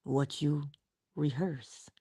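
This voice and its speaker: A middle-aged woman giving a motivational morning talk, speaking slowly and deliberately and answering her own rhetorical questions. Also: deep voice, fairly even intonation, warm tone, husky, no room sound, clean studio sound. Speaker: inspirational speaker.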